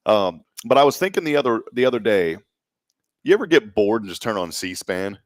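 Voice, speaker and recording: A man's voice: on the low side, brisk, dry recording, clean studio sound. A man hosting a morning talk show, chatting casually and telling rambling, joking stories in a Texan accent. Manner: rambling, joking, animated storyteller. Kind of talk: casual chat.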